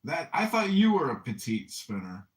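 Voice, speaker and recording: A man hosting a casual talk show, teasing a caller in a deadpan, mock-earnest way. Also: a little high, normal speed, reverberant, far from the mic. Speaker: host. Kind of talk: casual chat, teasing call.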